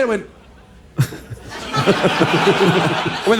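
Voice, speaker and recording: A man's voice: high-pitched, expressive, fast talker, background noise. A man co-hosting a podcast live, telling a story animatedly, laughing and acting out quotes. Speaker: podcast co-host. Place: live venue before an audience. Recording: live show with loud audience.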